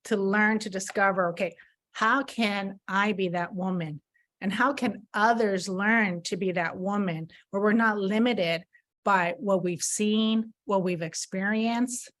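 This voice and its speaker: A woman's voice: mid-range voice, fairly bright tone. A woman speaking as a podcast guest, telling a personal story in an earnest, emotional way and acting out her own inner questions. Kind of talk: personal testimony in a podcast interview.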